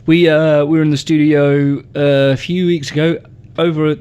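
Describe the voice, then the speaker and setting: A man hosting a casual radio chat, talking in a halting way with many ums and uhs. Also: on the high side, little pitch movement, darkish tone, smooth. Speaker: podcast host.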